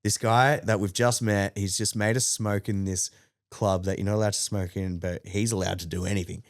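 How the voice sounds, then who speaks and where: Lively Australian man telling a story. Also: moderate pace, no room sound, studio quality. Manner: animated, acts out quotes with rising pitch, many fillers. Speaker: podcast guest. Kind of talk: casual storytelling.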